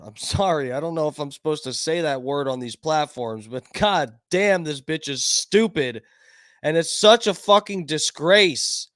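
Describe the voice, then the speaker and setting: A man's voice: sits high, fairly bright tone, no echo, studio quality. A man commentating online in an angry, profane political rant, repeating himself as he goes.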